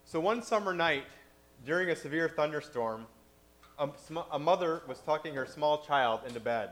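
A man's voice: a little high, expressive, normal speed, a bit bright. A man giving a sermon in a conversational way, with frequent "you know" fillers. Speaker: preacher.

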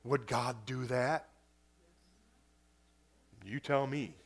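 A man with a mid-range voice and drawn-out words preaches to a congregation. He reads scripture aloud, then breaks off to explain it conversationally, often putting questions to the audience.

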